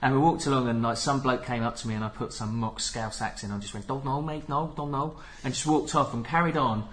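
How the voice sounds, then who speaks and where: A man hosting a football fan podcast, telling stories in casual chat and bursting into shouted punchlines. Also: medium pitch, quick pace. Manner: storytelling, laughs into shouted punchlines. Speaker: podcast host.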